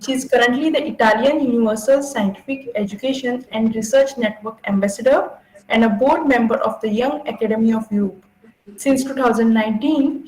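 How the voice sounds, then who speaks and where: A woman hosts a university webinar over a video call, formally introducing the guest speaker. Her voice is slightly high, and it rings in a roomy space. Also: a little mellow, a little hiss or hum. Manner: reads a formal introduction, with hesitant fillers. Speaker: webinar host.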